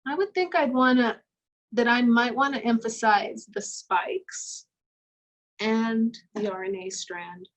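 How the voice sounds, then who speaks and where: A woman's voice: fairly high pitch, slow pace, poor audio. A woman art instructor talking casually while she draws, musing aloud with fillers. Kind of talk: casual talk while drawing.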